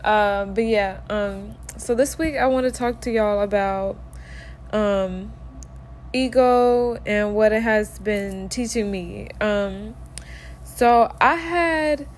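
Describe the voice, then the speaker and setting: A woman's voice: medium pitch, fairly even intonation, takes it slowly, a little mellow, slight background noise. A woman hosting her own podcast, talking casually and rambling with lots of fillers. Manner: chatty, rambling, many fillers. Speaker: podcast host. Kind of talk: casual chat.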